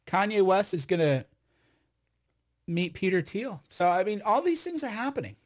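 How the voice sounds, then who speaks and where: A man, an online commentator, telling stories in a loud, rambling, emphatic monologue full of restarts. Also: high-pitched, lively intonation, moderate pace. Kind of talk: casual storytelling monologue.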